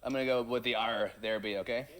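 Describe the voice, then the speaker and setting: A man's voice: mid-range voice, steady tone, quick pace, fairly bright tone. A man chatting in an interview, playful, breaking into mock pirate growls. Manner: playful, tries out pirate growls mid-sentence. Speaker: actor in an interview. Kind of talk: casual interview chat.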